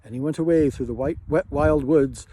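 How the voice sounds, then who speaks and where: Man, storybook narrator, rhythmic lilting reading, slightly high pitch, background hiss. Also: normal speed, warm tone, poor audio. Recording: hissy home recording.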